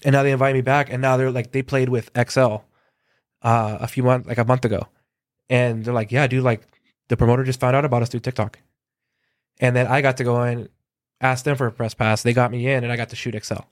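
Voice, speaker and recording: A man's voice: medium pitch, a little fast, no room sound, studio quality. Chatty man telling stories with lots of "like". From Southern California. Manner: animated anecdotes, acts out quoted dialogue, many fillers. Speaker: guest, concert photographer. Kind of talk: casual storytelling in an interview.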